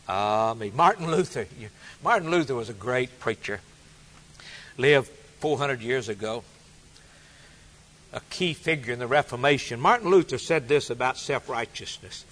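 A male preacher delivering a sermon emphatically, repeating phrases and swinging between loud and soft. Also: mid-range voice, expressive, moderate pace.

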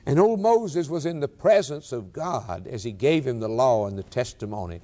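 A man preaching a sermon, swinging from raised declarations to hushed, drawn-out lines. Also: mid-range voice, lively intonation. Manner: dramatic preaching with sudden swings from loud to hushed.

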